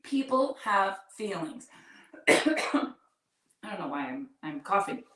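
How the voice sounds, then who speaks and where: A woman's voice: mid-range voice, very animated, slow, pushed and bright. A middle-aged woman host telling a personal story in an earnest, heartfelt way, talking straight to her listeners. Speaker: podcast host. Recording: echoey room, distant mic.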